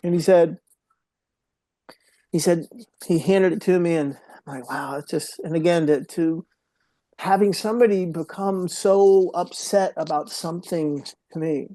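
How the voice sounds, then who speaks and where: A middle-aged man, a guest on a podcast, telling personal stories in an earnest, emotional way, sometimes dropping to a hush. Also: high-pitched, measured pace, no echo. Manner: earnest, emotional storyteller, drops to a hushed voice at moments. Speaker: podcast guest, mental health speaker. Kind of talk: personal storytelling in an interview.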